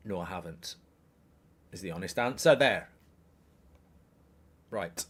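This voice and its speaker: A man's voice: sits low, expressive, slow pace, fairly bright tone, a little hiss or hum. A middle-aged man, hosting a live football watchalong, rambling, swearing and reading out viewer messages. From England. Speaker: host.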